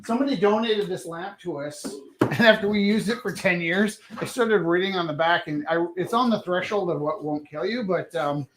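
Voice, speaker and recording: A man's voice: high-pitched, normal speed, a bit bright, a little hiss or hum, poor audio. A man hosting a live art auction, chatting casually and joking with frequent laughs.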